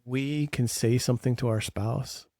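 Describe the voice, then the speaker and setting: Gravelly man chatting on a podcast. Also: mid-range voice, measured pace, no echo, studio quality. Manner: tells coaching stories with lively quoted dialogue. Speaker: podcast co-host and life coach. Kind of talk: casual podcast conversation.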